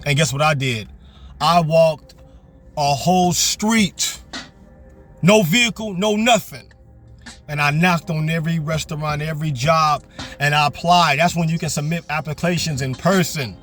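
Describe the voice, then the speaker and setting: A man's voice: a little high, measured pace, a bit bright, faint music behind. A man preaching a fervent, repetitive sermon from his parked car. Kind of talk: motivational sermon.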